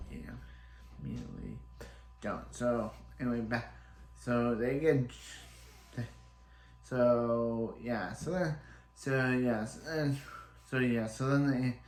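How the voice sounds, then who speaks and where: A man casually recapping a TV episode, rambling with lots of restarts and fillers. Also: medium pitch. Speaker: TV show reviewer. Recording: roomy echo.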